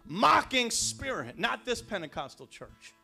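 A man preaching a sermon, telling personal stories and building to fervent shouts. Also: very high-pitched, sing-song, a little slow, gravelly, soft background music.

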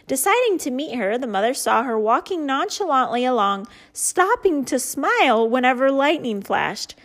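A woman's voice: high voice, big pitch swings, moderate pace, fairly bright tone. A woman hosting a casual chat and reading out funny stories, often breaking into laughter at them. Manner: giggly, often laughs at what she reads. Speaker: host; parent.

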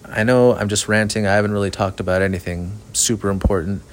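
Flat-voiced, profane man ranting. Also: on the low side, fast. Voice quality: monotone, flat delivery. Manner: profane, rambling, self-aware. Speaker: podcast host. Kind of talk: casual solo podcast rant. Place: outdoors at night near an apartment complex. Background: sprinklers.

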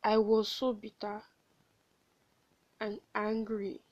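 Speaking slowly in a completely flat, medium-pitched voice, a young woman in her late teens runs a candid solo podcast where she rambles, swears bluntly and laughs at herself. The lo-fi home recording is dull and dry, with no room sound.

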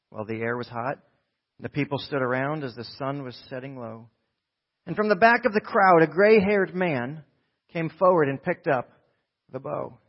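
A male pastor preaching to his church in an emphatic, exhorting way. His voice sits a little high for a man. The recording is dull and lo-fi. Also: moderate pace. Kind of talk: sermon.

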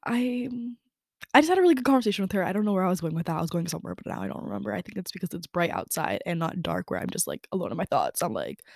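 A woman's voice: lowish voice, big pitch swings, rapid-fire, gravelly, a little mellow, dry recording. Young woman, podcast host, candid casual chat, filler-heavy, dry close sound. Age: young adult. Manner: chatty, candid, lots of "like" and swearing. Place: indoors by a window.

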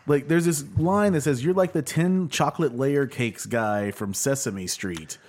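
A man of middle pitch chatting casually on a podcast. He loses his thread, restarts his sentences and laughs along with the others. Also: measured pace, a little mellow, a little hiss or hum. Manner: rambling, many fillers and restarts, laughs easily. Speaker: podcast co-host. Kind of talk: casual chat.

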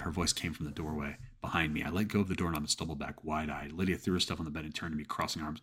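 A man narrating a scripted horror story in a steady storytelling manner, with some casual swearing. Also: a bass voice, racing, few pauses, husky.

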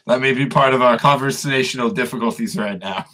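A man's voice: medium pitch, a little fast, bright, forceful tone. A man playing a proud, sardonic male recruit in a tabletop game, speaking dryly. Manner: dry, sardonic.

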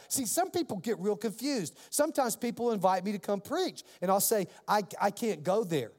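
A male pastor with a high voice delivers an animated sermon story, switching into the voices of the people in it. His words ring with the long reverb of a large hall. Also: normal speed.

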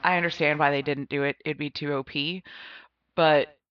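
A woman with a low voice chats casually on a podcast, rambling along and laughing often. The sound is dull and lo-fi. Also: steady tone, normal speed. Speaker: podcast co-host. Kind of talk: casual chat.

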